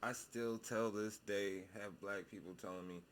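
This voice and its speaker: Young man, low voice, slow stoned drawl, blunt rambling commentary, slight background hiss. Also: fairly even intonation. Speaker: reaction video host. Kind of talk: casual profane commentary.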